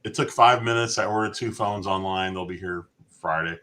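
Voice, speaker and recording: A middle-aged man with a lowish voice spins casual anecdotes on a live online chat show. He talks in a loose storytelling rhythm and slips into voices for the people he describes. He is heard through a video call microphone. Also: moderate pace. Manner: animated anecdote teller who mimics the people he describes.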